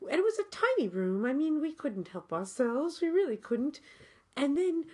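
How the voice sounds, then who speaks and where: A woman with a strikingly high voice that leaps all over the place tells a comic story in character. She is excitable and theatrical, breaking into sudden squeals. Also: moderate pace. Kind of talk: improvised comedy chat.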